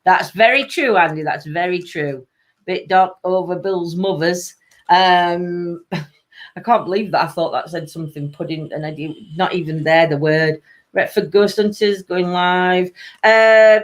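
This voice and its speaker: A woman's voice: mid-range voice, fairly bright tone. A woman with a South Yorkshire accent hosting a casual live-stream chat, reading viewer comments aloud and calling everyone "my lovely". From Sheffield, England. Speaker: host of a weekly chat show.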